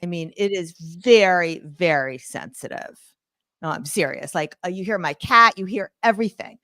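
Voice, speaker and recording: A woman instructor of an online art course talks casually during a live class, making jokey asides about her studio mic setup at home. She speaks on the low side at normal speed in a sharp tone, and there's no room sound.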